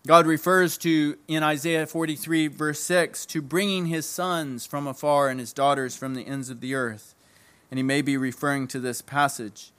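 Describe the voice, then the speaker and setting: A man preaching a sermon, emphatic, repeating key phrases and dropping low at the ends of lines. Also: fairly even intonation, moderate pace, fairly bright tone, clean tone.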